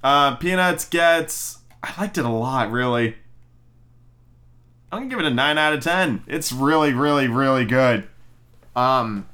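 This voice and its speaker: In this casual solo review, the podcast host talks through a movie with profanity, ums and false starts, mocking characters in silly voices for laughs. His medium-pitched voice is expressive, unhurried, bright and forceful, with a clean tone.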